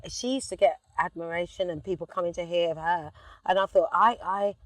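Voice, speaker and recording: A middle-aged woman with a London accent, chatting as an interview guest inside a car, telling lively stories and breaking into snatches of song. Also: on the low side, a little fast, dry recording. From England. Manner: animated storyteller, sings snippets. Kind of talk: relaxed casual chat.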